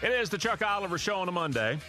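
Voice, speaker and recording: A man's voice: high voice, very animated, fast, music in the background. A man hosting a sports talk show, talking emphatically and firing rhetorical questions at listeners and his co-host. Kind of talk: animated sports radio talk.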